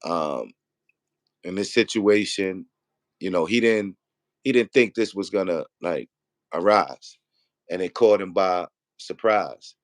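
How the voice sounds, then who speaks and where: A man's voice: low-pitched, slow, pauses often, no room sound, studio quality. A man in casual debate, rambling with restarts and often asking if he's understood. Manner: rambling, repeats "you feel what I'm saying".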